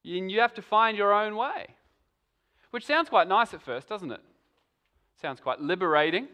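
A man's voice: high-pitched, lively intonation, normal speed, sharp tone. A man preaching a conversational sermon, asking many rhetorical questions.

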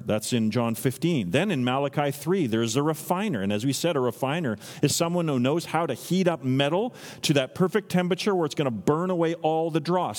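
A man in his thirties preaching a sermon as a pastor, teaching earnestly and acting out quotes in lively voices. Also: medium pitch. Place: church sanctuary. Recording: long reverb from a church hall.

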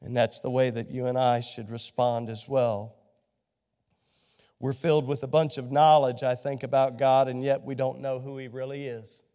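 A pastor preaching a sermon with a scratchy throat from a cold, swinging from hushed asides to impassioned shouts. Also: male voice, medium pitch, level tone, normal speed, clean tone. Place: church sanctuary. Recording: long reverb of a large hall.

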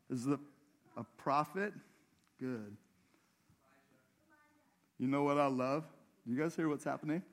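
Preaching a sermon in church, a male pastor speaks in a medium-pitched voice, unhurried and with frequent pauses, keeping it conversational and asking the congregation questions.

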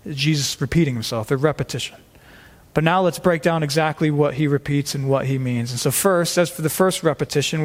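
A man's voice: high-pitched, in a large hall. A male pastor preaching an expository sermon, emphatic, stressing key words by repeating them.

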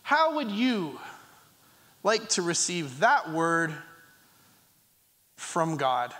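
In a church hall with long reverb, a man serving as pastor delivers an earnest sermon, reading scripture aloud with pauses, restarts and a slight cough. His voice is fairly high, very animated, pushed and bright.

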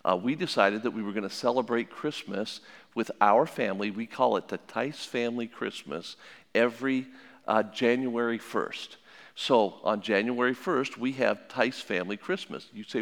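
A man's voice: mid-range voice, normal speed. Older man giving folksy family advice. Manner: plainspoken and anecdotal, with many restarts and repeated maxims. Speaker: family and marriage counselor speaking to an audience. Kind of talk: folksy talk with religious advice. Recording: long hall reverb.

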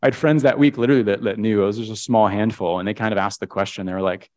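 A man's voice: lowish voice, steady tone, rapid-fire, few pauses, a little mellow. A male pastor preaching a heartfelt sermon, speaking directly to the congregation and often repeating and restarting his words.

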